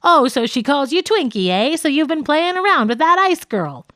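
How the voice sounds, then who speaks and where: A woman's voice: high voice, sing-song, moderate pace, sharp tone, dry recording, clean studio sound, voice pushed up, full character voice. A woman reading aloud in a tough-girl voice as a bossy, brash young woman from a radio sketch.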